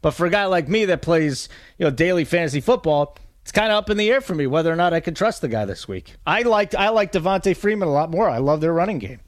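A man's voice: on the high side, lively intonation, fast talker, no echo, clean studio sound. A man in his forties talking fantasy football as a radio guest, chatty and rambling, poking fun at himself. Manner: chatty, self-deprecating, rambling. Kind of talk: casual sports radio banter.

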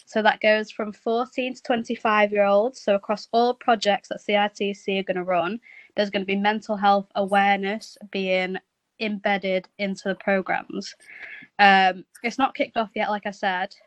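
A woman's voice: mid-range voice, little pitch movement, normal speed, no echo, low-quality recording. A woman giving an informal update on a project, explaining plainly with many ums. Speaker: charity project worker.

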